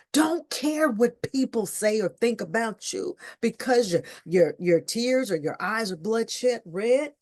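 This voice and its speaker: A woman's voice: medium pitch, a little mellow. A woman in her fifties hosting a faith-based podcast, speaking expressively and repeating phrases with sudden exclamations. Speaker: podcast host. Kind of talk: faith-based grief talk.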